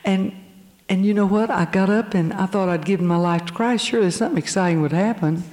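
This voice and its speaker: A woman's voice: medium pitch, quick pace. Older woman telling her testimony. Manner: animated storyteller acting out voices. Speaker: speaker giving her testimony. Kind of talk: storytelling testimony to an audience. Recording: long hall reverb.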